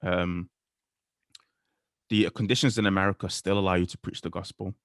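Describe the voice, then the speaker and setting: A man co-hosting a podcast, talking earnestly and quoting scripture in a measured way. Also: sits low, steady tone, clean tone, dry recording, studio quality. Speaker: podcast co-host. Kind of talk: casual faith discussion.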